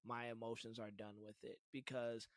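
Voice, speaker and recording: A man's voice: mid-range voice, little pitch movement, moderate pace, no echo. A man co-hosting a casual college sports podcast, who tells stories and laughs often. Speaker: podcast co-host.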